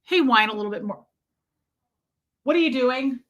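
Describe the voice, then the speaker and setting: A woman's voice: high-pitched, animated, normal speed, a bit bright. A woman hosting a casual livestream from her rural home, chatting with viewers, thanking them by name and swearing freely. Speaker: livestream host.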